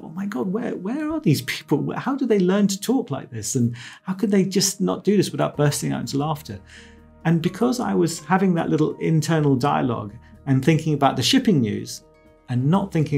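A man talks the viewer through his own experience, relaxed and reassuring, with his asides and imagined inner talk. His voice sits mid-range, gravelly and a little husky, over faint background music. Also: mid-range voice. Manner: conversational, reassuring, with asides and quoted self-talk. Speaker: ENT surgeon explaining his experience. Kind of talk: casual explainer to camera.

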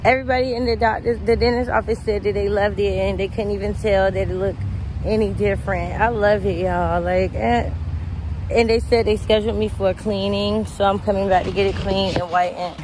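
Hoarse woman, casual vlog, candid and cussing, phone mic, clear traffic and street noise. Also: mid-range voice, steady tone, a little fast. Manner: candid, chatty, swears freely. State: hoarse from laryngitis. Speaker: vlogger. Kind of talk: casual vlog talk to camera.

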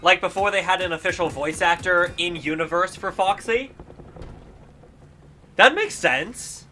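A young man giving excited let's-play commentary, exclaiming and talking to himself while he plays a video game. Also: high-pitched, unhurried, faint music behind. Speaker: gaming YouTuber.

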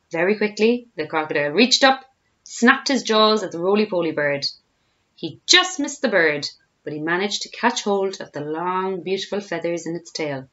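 An Irish woman reads a children's story aloud, her low-pitched voice rising and falling with lively expression. The sound is dull and lo-fi, like a simple home recording. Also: moderate pace. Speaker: teacher reading aloud.

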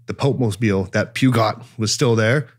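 A man's voice: on the low side, normal speed. Guy cohosting a chatty podcast, jokey, lots of uhs, laughs a bunch. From Ohio. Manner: jokey, laughs often, lists things with many fillers. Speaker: podcast co-host. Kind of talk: casual chat.

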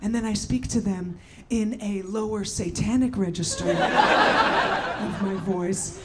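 A middle-aged woman from the former Soviet Union doing a stand-up set, brash and shouting her punchlines with mock-gentle asides. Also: mid-range voice, lively intonation, slow pace. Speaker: stand-up comedian. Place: comedy venue with live audience. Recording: loud crowd and room noise. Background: audience laughter.

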